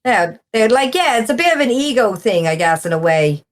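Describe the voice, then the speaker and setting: A woman, co-hosting a casual podcast chat, animated and ranting, swearing freely. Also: fairly high pitch, brisk. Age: 40s. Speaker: podcast co-host.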